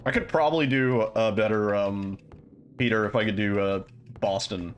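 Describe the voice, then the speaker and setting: A man's voice: lowish voice, fairly even intonation, moderate pace, soft background music. A young man streaming a game speedrun, chatting casually and loosely with viewers, rambling and swearing now and then.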